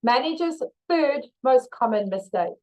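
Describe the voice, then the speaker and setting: A woman's voice: high-pitched, unhurried, low-quality recording. Woman leading a live leadership class. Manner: lively, acts out staff replies in role-play. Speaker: leadership trainer. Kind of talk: live online masterclass.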